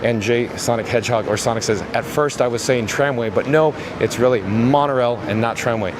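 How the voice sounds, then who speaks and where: A man's voice: mid-range voice, brisk. A man hosting a live-stream tour of hotel hallways, chatting and reading viewer comments aloud. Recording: noisy handheld phone recording.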